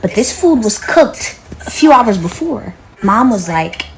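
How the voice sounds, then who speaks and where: A woman's voice: medium pitch, big pitch swings, a little slow, vocal fry, a little hiss or hum, low-quality recording. A woman casually telling a story, recounting what people said with plenty of "like" along the way. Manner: chatty, recounts dialogue with lots of "like".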